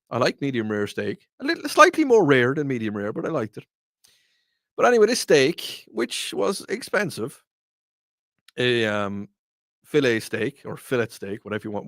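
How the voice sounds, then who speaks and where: A radio show host in his thirties chats casually, drifting into rambling stories. His medium-pitched voice is captured with clean studio sound and no trace of room echo.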